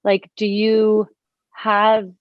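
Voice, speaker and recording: A woman's voice: mid-range voice, completely flat delivery, very slow, no echo. Woman chatting and reading aloud, dull dry sound. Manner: hesitant, with many fillers and restarts in chat. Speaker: interviewer and author. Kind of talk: casual conversation and reading aloud from her book.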